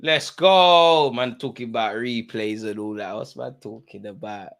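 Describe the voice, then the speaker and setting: A man hosting a live football watch-along, chatting in slang about the match and breaking into loud shouts when a chance or goal comes. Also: medium pitch, unhurried, gravelly. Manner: London slang, bursts into shouting at chances and goals.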